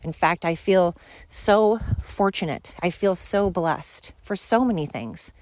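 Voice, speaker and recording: A woman's voice: lowish voice, lively intonation, takes it slowly, a little mellow, no room sound. Candid, rambling middle-aged woman. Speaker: podcast host. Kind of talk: casual monologue. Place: outdoors walking with dogs.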